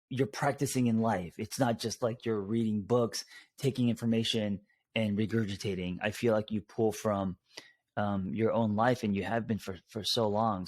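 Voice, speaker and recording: A man's voice: lowish voice, no room sound. A man hosting a podcast as a therapist, talking casually with many fillers and restarts. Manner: relaxed, hesitant with many fillers. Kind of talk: casual conversational interview.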